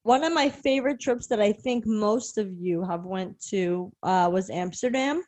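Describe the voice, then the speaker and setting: A woman's voice: mid-range voice, normal speed, darkish tone. A young woman co-hosting a podcast who asks easygoing questions and chats casually. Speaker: podcast co-host. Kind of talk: casual chat.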